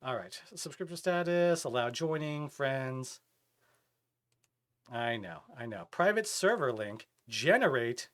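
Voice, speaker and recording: Animated man chatting on a live stream. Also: mid-range voice, takes it slowly. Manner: animated, chatty, reads chat aloud. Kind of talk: casual live-stream chat while gaming.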